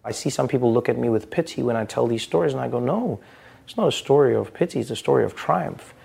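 A man's voice: mid-range voice, fast talker, vocal fry, husky. A man in his thirties from South Africa, telling stories about his childhood in an earnest interview. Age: 30s. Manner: earnest, storytelling, quotes others in lively voices. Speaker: interviewee, comedian. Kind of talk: reflective interview.

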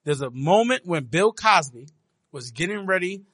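Male podcast co-host, high bright voice, presses his point. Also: lively intonation, moderate pace. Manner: insistent, keeps pressing his point over interruptions. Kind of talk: casual debate chat.

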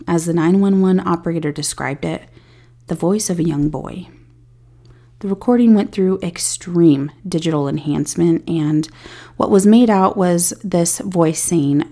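A woman hosting a podcast, reading a scripted true-crime narration in a measured way with candid personal asides. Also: fairly low pitch, mellow. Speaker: podcast host.

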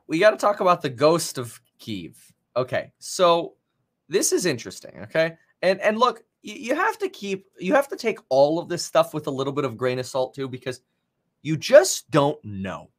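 A man with a fairly high voice talks through the news in a loose, casual commentary. He rambles, stumbling through fillers and restarts as he reacts. The delivery is unscripted and conversational. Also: a bit bright. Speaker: finance commentator.

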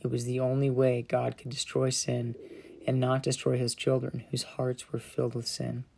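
A man narrating a children's Bible story with gentle, dramatic storytelling that softens in solemn moments. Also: medium pitch, completely flat delivery, moderate pace, vocal fry, a little hiss or hum.

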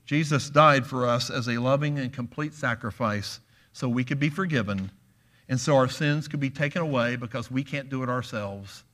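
A man's voice: medium pitch, moderate pace, a bit bright. A man preaching a sermon in a church, earnest and emphatic, often asking his listeners questions. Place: church sanctuary.

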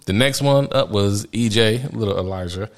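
A man's voice: lowish voice, normal speed. A man in his thirties telling candid, rambling stories about becoming a father, laughing often as he talks. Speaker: father sharing parenting stories. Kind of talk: casual personal storytelling.

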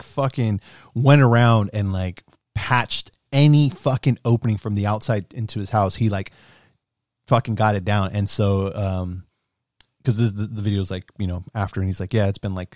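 A man's voice: on the low side, darkish tone, no echo, studio quality. A man chatting casually and telling a story, loose and profane, often laughing. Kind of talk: casual chat.

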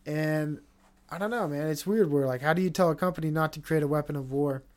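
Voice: medium pitch, a little fast, a little mellow. A podcast host in their thirties on a casual solo rant, rambling and swearing often with many restarts.

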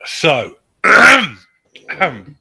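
A man's voice: sits high, sing-song, extremely slow, creaky, sharp tone, breathy edge. A man with a cold, co-hosting a podcast in a dry, sardonic, swearing manner. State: has a cold. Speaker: podcast co-host. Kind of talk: casual chat and reading notes.

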